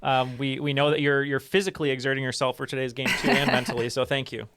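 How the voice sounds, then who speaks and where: A man hosting a trivia podcast, talking casually and warmly with plenty of ums and uhs. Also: medium pitch, little pitch movement, quick pace, a little hiss or hum. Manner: friendly, filler-heavy. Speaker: podcast host.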